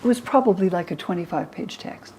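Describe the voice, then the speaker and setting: Older woman, scholar explaining texts, mellow warm tone, faint background noise, acts out quotes. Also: a little fast, low-quality recording. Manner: lively, acts out the quoted speakers in higher voices. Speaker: religion scholar and guest. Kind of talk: explaining to an interviewer.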